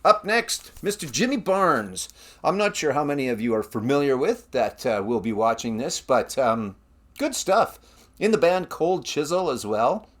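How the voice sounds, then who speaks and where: Chatty Canadian man with a lively voice. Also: medium pitch, normal speed. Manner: chatty, rambling asides. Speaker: record collector channel host. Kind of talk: casual vlog talk.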